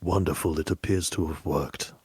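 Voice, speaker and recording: A man voicing a courteous, old-fashioned ghost gentleman who speaks in a formal, measured way. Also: a bass voice, fairly even intonation, slightly rough, no echo, heavily acted. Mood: calm.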